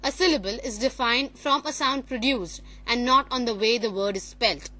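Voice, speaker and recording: A woman's voice: on the high side, moderate pace, pushed and bright. A woman giving a classroom presentation on phonetics, explaining step by step and correcting herself as she goes. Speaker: student presenter.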